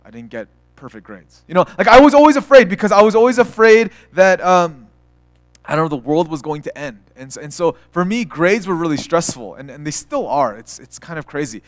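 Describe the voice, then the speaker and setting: A man's voice: sits high, brisk, no room sound, clean studio sound. A young adult man preaching a casual sermon as pastor, telling personal stories with lots of restarts and acted quotes.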